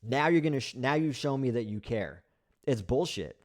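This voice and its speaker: A man's voice: medium pitch, expressive, normal speed. A man hosting a casual live stream, bluntly critiquing sayings and answering chat comments, repeating himself with many fillers and restarts. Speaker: livestream host.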